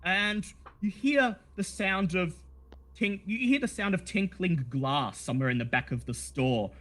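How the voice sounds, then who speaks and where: A man's voice: high-pitched, animated, measured pace, fairly bright tone. A man narrating a tabletop horror game as game master, calling for checks. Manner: calls for dice checks, repeats phrases.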